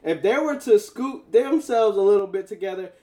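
A man casually telling a long personal story to his viewers, animated and slangy, laughing as he goes. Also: high-pitched, moderate pace.

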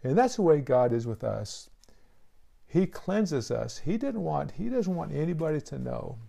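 A man's voice: fairly high pitch, sing-song, measured pace, gravelly, dark tone. A man who is a pastor, preaching a sermon with an earnest, pleading call and frequent restarts.

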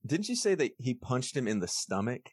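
A man's voice: medium pitch, husky, dry recording, clean studio sound. A man with a Texan accent, hosting a podcast and telling stories animatedly in casual chat. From Texas. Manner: animated storytelling with quick put-on voices. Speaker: podcast host.

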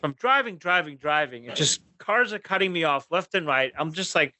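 Animated, bright-voiced storytelling man. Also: a little high, moderate pace, no room sound. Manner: animated storyteller, swears, acts out his own rants. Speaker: podcast host telling a road trip story. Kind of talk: casual chat.

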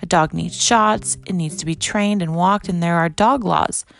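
A careful, sensible mother bear, voiced by a woman reading aloud from a children's storybook. She reasons with her cubs in a firm, steady voice that has a bit of fry. Faint music plays behind her. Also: fairly low pitch, moderate pace.

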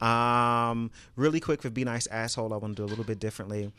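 A man's voice: mid-range voice, steady tone, fast, sharp tone, slight background noise. A man hosting a casual round-table podcast, keeping things moving with an upbeat tone and frequent ums. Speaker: podcast host.

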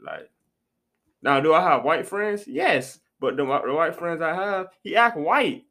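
A man's voice: on the high side, expressive, measured pace, pushed and bright. A young man hosting a casual podcast chat, loose and slangy, repeating his phrases as he goes. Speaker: podcast host.

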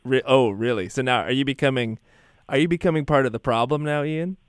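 A man co-hosting a casual radio show, upbeat and quick to react to guests. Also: mid-range voice, no room sound, clean studio sound. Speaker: podcast co-host.

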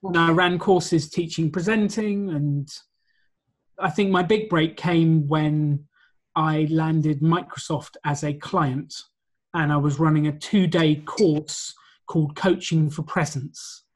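Speaking slowly and with a steady tone, a man whose voice is on the high side describes his work as a presentation coach. It's a conversational interview, and he explains each point in a confident, orderly manner.

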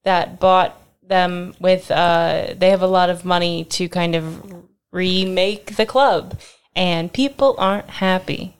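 A woman co-hosting a podcast in casual chat, giggly and halting as she asks questions. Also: on the low side, steady tone, clear, resonant tone. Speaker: podcast producer and co-host.

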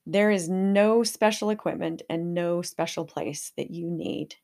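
An older woman hosting a parenting podcast, speaking calmly in a coaching tone. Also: on the low side, a little slow, creaky. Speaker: podcast host.

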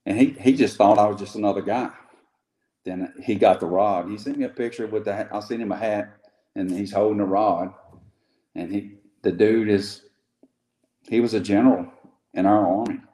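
A man's voice: lowish voice, fairly even intonation, normal speed, pauses often, mellow. A man, a guest who builds custom rods, talking in a laid-back, plain-spoken way. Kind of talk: casual interview chat. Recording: roomy echo.

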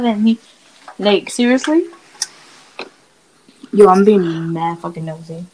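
A woman's voice: mid-range voice, slow pace, dark tone, a little hiss or hum. A woman co-hosting a casual podcast, telling stories in a blunt, profane way. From Dominican family. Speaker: podcast co-host. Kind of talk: casual chat.

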